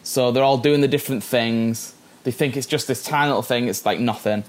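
A man's voice: mid-range voice, brisk. A man co-hosting a podcast, casually recapping a film, rambling through restarts and fillers as he hunts for words, swearing and laughing as he goes. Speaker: podcast co-host.

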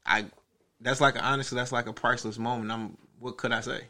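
Young guy w a bright sharp voice, chill, just telling stories. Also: mid-range voice, steady tone, a little fast. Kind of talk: casual group chat.

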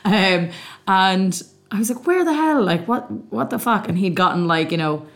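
A woman's voice: medium pitch, lively intonation, normal speed. A young Irish woman co-hosting a casual podcast chat, acting out dialogue as she tells a story and swearing freely. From Ireland. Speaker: podcast co-host.

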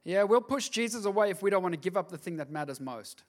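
Male pastor with a high-set voice, sermon delivery, hushed asides building into forceful repeated refrains. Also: lively intonation, quick pace. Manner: shifts from hushed, intimate asides to loud, driving preaching; repeats words for emphasis.

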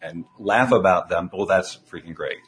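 A man's voice: low voice, normal speed, a bit bright. A man speaking as a guest in an interview, coaching earnestly with emphatic rhetorical questions. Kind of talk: conversational coaching talk.

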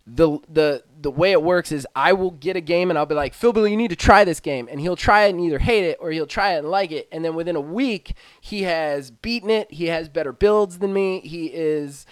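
A man co-hosting a gaming podcast, chatting casually in an excited, self-deprecating, rambling way. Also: a little high, moderate pace, hardly any pauses, smooth, no room sound. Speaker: podcast co-host. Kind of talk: casual chat.

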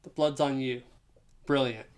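A man co-hosting a casual podcast, his voice at an ordinary, middle pitch. He tells things in an easygoing, chatty way and drops swear words freely. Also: measured pace. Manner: relaxed storytelling, with casual swearing. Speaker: podcast co-host. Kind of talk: casual chat.

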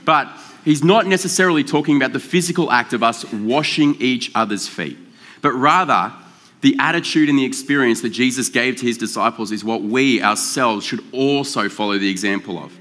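A man preaching a sermon in a relaxed, joking, conversational way, slowing down to stress key words. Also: mid-range voice. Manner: conversational and joking, with drawn-out emphasis. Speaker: pastor. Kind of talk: casual sermon.

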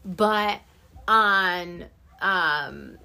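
A woman's voice: lowish voice, very slow, creaky, bright, forceful tone. Chatty middle-aged woman podcast host. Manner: chatty, laughs easily, fillers. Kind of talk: casual chat.

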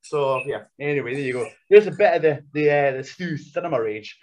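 A man telling animated stories in casual chat, slipping into voices for the people in them. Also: on the high side, fairly quick, slight background noise. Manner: animated, acts out voices in anecdotes. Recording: dull lo-fi recording.

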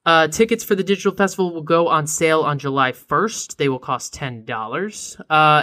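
A young man co-hosts a laid-back beer podcast, chatting casually and filling gaps with ums. His voice is bright and clear. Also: a little high. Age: young adult. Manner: relaxed, frequent filler ums and uhs, laughs easily. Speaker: podcast co-host.

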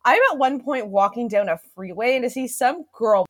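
A woman's voice: on the high side, moderate pace. Chatty young woman telling stories. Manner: chatty, laughs often, tells stories with "like". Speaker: podcast co-host. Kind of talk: casual chat.

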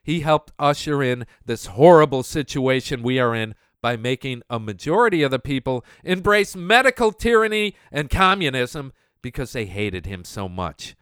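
A man rants as a show host in a sneering, scornful commentary. His voice swings widely up and down, smooth and resonant in tone. The sound is close and dry, with no room. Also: mid-range voice, sing-song, normal speed, hardly any pauses, a bit bright, dry recording. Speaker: podcast host. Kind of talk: ranting political commentary.

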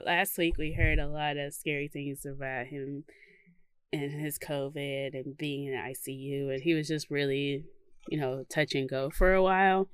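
Woman, low voice, bright clear tone, casual podcast chat, filler-heavy, dry recording. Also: no echo. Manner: chatty, swears freely, lots of "like" fillers. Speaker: podcast co-host.

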